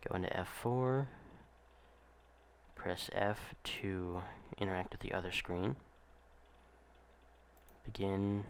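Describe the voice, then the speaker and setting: A man casually narrating a gameplay walkthrough in a relaxed, explanatory way, with frequent ums and uhs. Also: deep voice, a little hiss or hum.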